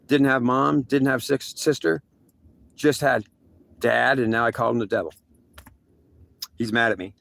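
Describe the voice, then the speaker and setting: A man telling a first-person story in a rambling, halting way, full of restarts and acted-out exchanges. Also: medium pitch, vocal fry, fairly bright tone. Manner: halting, repetitive, many restarts; acts out other people's voices in quick back-and-forth.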